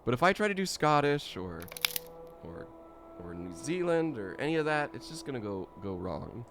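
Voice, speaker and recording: A man's voice: medium pitch, sing-song, moderate pace, over music. A man streaming a game, chatting casually and playfully, often giggling and joking to himself.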